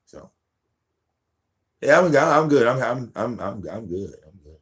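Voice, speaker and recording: A man in his forties, host of a live stream, telling casual stories about his daughter in a profane, animated way, acting out what people said. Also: medium pitch, measured pace. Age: 40s. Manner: profane, animated, acts out quotes. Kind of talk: casual storytelling.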